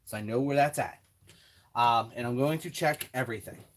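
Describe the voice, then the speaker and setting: A man with a mid-range voice hosts an RC hobby build tutorial from his home bench, narrating each step to himself in a casual way and poking fun at himself along the way. He speaks at normal speed, and a little hiss or hum is audible.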